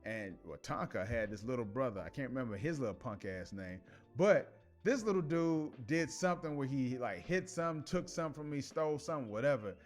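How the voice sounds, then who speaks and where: A man hosting a casual commentary show, telling stories in an animated way with slang and frequent laughs. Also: medium pitch, brisk, soft background music. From Chicago. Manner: animated, laughs often, many restarts and slang.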